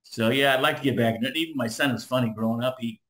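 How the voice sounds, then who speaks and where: Fast-talking and medium-pitched, a former radio DJ from Southern California, now middle-aged, spins casual stories as an interview guest. He's animated throughout and voices the people in his anecdotes himself.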